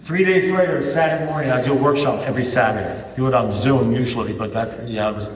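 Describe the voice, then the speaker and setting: Male speaker at a recovery meeting, animated storyteller, recorded from afar with hall reverb. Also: medium pitch, quick pace, a little hiss or hum. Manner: storytelling with animated quoted dialogue. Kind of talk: personal testimony talk. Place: church hall. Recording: echoey hall from far off. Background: faint audience laughter.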